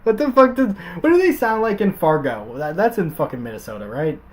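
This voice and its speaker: A man's voice: high voice, big pitch swings, fairly quick. A man hosting a casual chat, reading stories aloud with frequent laughs and swearing. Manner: laughs often, swears, jokey. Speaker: host.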